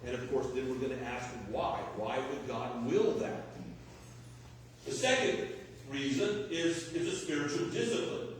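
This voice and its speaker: A man's voice: medium pitch, unhurried, a little hiss or hum. A man with a Texan accent, a pastor preaching a sermon in a church, talking in a conversational way with rhetorical questions and everyday examples. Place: church sanctuary. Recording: echoey church hall, mic at a distance.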